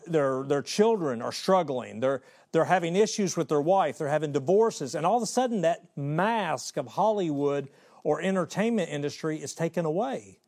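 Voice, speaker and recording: A man preaching a sermon in an animated way, acting out voices and quoting scripture. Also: fairly high pitch. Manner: animated, acts out voices and quotes.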